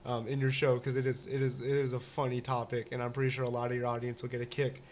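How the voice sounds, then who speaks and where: A US man co-hosting a laid-back podcast rambles and jokes, full of fillers and restarts. He talks fast in a mid-range, fairly monotone voice that is a little mellow.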